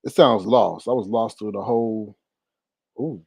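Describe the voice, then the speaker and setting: A man hosting a casual livestream, retelling a story with lots of laughter and acting out the scenes in high voices. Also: unhurried, vocal fry, a little mellow, husky, no echo. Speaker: livestream host reading viewer comments.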